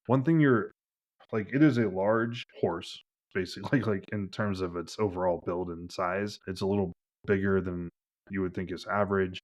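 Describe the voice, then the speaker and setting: Deep-voiced male game master, loose and rambling, lots of "like" fillers. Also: fairly even intonation, moderate pace, darkish tone. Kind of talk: narrating a tabletop game.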